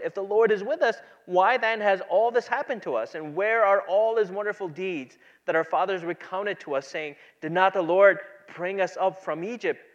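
A man with a high voice preaches in a church, keeping it conversational and checking in with the congregation. He acts out quoted lines as he goes. The sound is a little dull and lo-fi. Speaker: pastor. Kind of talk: sermon.

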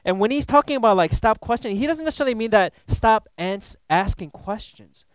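High, smooth-voiced casual preacher man. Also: lively intonation, a little fast, no echo. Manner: casual, frequent "you know" and "right?" asides; playful, laughs at his own jokes. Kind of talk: conversational Bible teaching sermon.

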